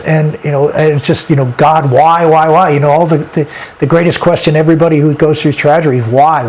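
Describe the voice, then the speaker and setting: A man's voice: on the high side, darkish tone. Earnest man telling a personal story. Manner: earnest and halting, with frequent restarts. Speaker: interview guest. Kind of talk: personal storytelling in a sit-down interview.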